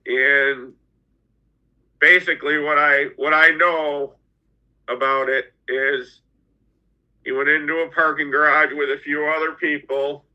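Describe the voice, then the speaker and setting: A middle-aged man telling his own story as a podcast guest, halting and often repeating his words. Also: fairly high pitch, little pitch movement, pushed and bright. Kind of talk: personal storytelling. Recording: dull lo-fi audio.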